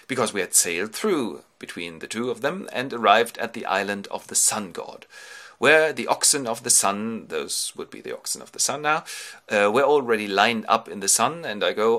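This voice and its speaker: Male host, from Germany, comic storyteller, animated delivery, breezy and colloquial. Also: on the low side, moderate pace. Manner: playful, colloquial, jumps into character voices. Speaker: host retelling a classic epic. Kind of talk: comic first-person retelling.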